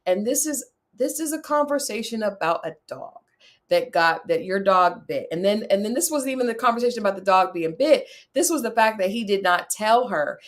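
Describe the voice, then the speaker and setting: A woman hosting a casual reality-show recap, chatty and opinionated, talking straight to her viewers. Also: mid-range voice. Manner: chatty, opinionated, talks to viewers, animated asides. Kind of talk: casual chat.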